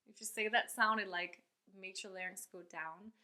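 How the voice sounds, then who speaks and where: A woman's voice: medium pitch, fairly even intonation, normal speed, bright, forceful tone. A woman vocal coach giving an upbeat, chatty online singing lesson and breaking off to demonstrate sounds.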